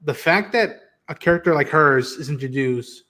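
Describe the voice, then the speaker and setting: A man's voice: a little high, moderate pace, pushed and bright. A man hosting a casual interview stream, asking long winding questions in a friendly way. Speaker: host.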